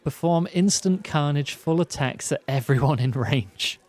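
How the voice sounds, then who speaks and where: A man with a slightly high, unhurried voice streams a game as casual commentary, chatting and laughing with viewers and reading ability text aloud. Every so often he breaks into bursts of excited greetings to chat.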